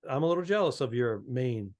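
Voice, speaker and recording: A man, a stand-up comedian, chatting on a podcast and telling animated road stories with quoted voices. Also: medium pitch, a little fast, highs cut off. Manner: animated storyteller, acts out quotes. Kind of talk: casual chat.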